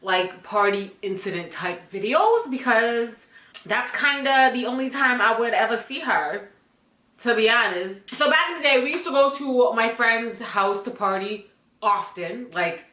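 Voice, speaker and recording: A woman telling a personal story to camera in a casual, blunt, animated way, swearing freely. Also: on the high side, unhurried, echoey room. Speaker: storytime vlogger.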